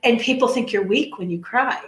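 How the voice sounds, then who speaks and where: A former HR professional turned leadership coach talks earnestly in a podcast chat, her fairly high voice moving a little fast. She drives points home by repeating them and acts out quotes with animation. The room is echoey.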